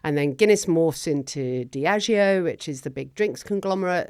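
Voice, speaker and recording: A middle-aged woman, telling her story as a guest in a casual interview in an animated, chatty way. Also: very deep voice, smooth, no room sound, studio quality. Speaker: guest, business founder.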